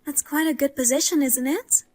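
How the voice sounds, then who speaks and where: A woman's voice: high-pitched, normal speed, darkish tone, soft background music, close to an everyday voice. A woman voicing a heavily pregnant young wife who is suspicious, wry and grimly humorous. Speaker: pregnant daughter-in-law. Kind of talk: dramatized story voice-over.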